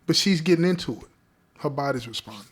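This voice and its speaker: A man's voice: on the high side, animated, fast, breathy edge. A man hosting a show, telling a story in a casual, conversational way with street slang, often checking in with his listeners. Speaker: podcast host telling a story.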